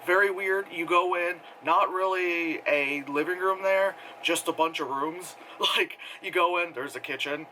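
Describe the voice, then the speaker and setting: Guy rambling about a movie he saw, bright kinda high voice, lots of likes and ums, faint hum behind. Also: a little slow, few pauses, poor audio. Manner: rambling, filler-heavy, laughs often, mimics characters. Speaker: movie reviewer. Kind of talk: casual spoken film review.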